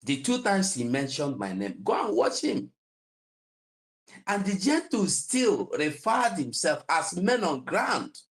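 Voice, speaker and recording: A man on a talk show, telling a story with frequent laughter. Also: takes it slowly. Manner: animated storytelling, laughs often, lively pitch. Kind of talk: casual chat.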